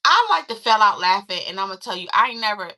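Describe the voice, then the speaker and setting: A woman chatting through a casual movie recap, acting out quoted lines in a lively, conversational way. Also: medium pitch, fast. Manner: chatty, animated retelling with quoted voices. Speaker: film reviewer.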